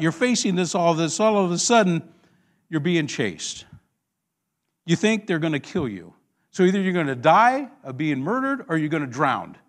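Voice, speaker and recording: A male pastor preaching a sermon, telling a story with lively call-and-response questions to the congregation. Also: sits high.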